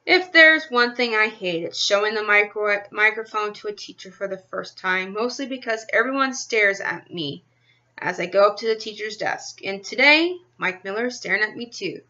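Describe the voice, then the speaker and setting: Bright, expressive woman reading a children's book aloud. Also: medium pitch, normal speed, highs cut off. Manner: expressive first-person storytelling. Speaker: reader. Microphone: built-in computer webcam mic.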